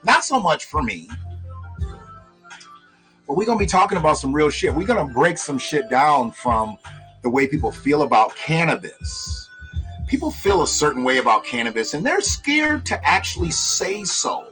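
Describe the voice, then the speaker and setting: Loud, animated man hosting a live stream. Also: on the high side, moderate pace, poor audio. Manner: loud, profane, joking, greets viewers by name. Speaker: live show host. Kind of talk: casual live-stream chat. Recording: music playing in the background.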